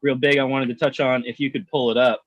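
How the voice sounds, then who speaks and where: A man's voice: medium pitch, flat delivery, fast, dry recording. A man co-hosting a podcast, chatting casually with friends, laughing often and swearing freely in jokey banter. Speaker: podcast co-host. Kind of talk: casual chat.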